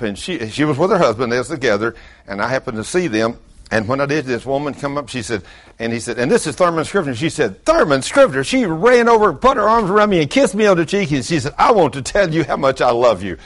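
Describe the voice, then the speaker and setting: An older man, preaching a folksy sermon full of acted-out stories. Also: fairly high pitch. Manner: animated storyteller, acts out quotes loudly.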